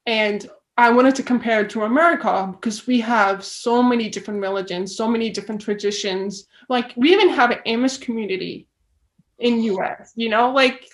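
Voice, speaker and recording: A woman's voice: a little high, a little fast, rough recording. A woman with an Australian accent, a filmmaker guest chatting casually and acting out the reactions she quotes. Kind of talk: casual interview chat.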